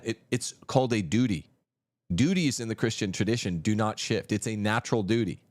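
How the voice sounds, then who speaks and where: A man's voice: medium pitch, expressive, fairly quick. A man hosting a livestream, arguing in a combative, mocking way. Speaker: host. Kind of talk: livestream commentary.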